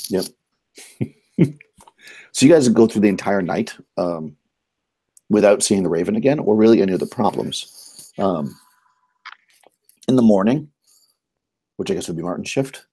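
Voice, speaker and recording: Low, husky game master. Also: male voice, a little slow, pauses often. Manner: relaxed, rambling narration full of "um" and "kinda". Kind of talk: narrating a tabletop game.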